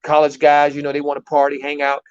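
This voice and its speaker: A man, a basketball coach, telling a long story in an animated way, repeating words and using many fillers. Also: fairly high pitch, fast, clean tone. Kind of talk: storytelling in a talk show. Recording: dull lo-fi sound.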